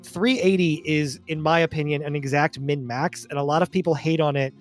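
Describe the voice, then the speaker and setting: High-voiced man explaining, music under. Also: fairly even intonation, fairly quick. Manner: explains at length, self-deprecating. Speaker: podcast guest. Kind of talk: casual podcast chat.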